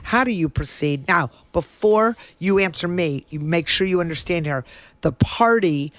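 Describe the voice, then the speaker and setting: A woman's voice: fairly low pitch, lively intonation, normal speed, no echo. Playful woman co-hosting a chat. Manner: playful, laughing, reads out quiz questions. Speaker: co-host. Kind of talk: casual chat.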